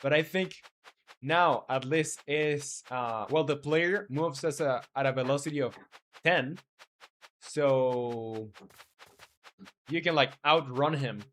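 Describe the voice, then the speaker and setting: A man's voice: medium pitch, slow pace, long pauses, fairly bright tone, a little hiss or hum. Rambling man streaming game development. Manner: rambling, reads chat aloud, many fillers. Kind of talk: casual live-stream chat.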